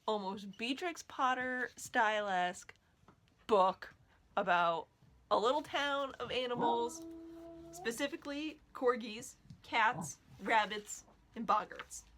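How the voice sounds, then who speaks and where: A woman's bright, forceful voice carries this casual home vlog, picked up by a laptop. She gushes in a chatty way and turns aside now and then to scold her dogs. A faint noise hangs behind her. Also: medium pitch. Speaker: knitting vlogger. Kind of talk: casual chat.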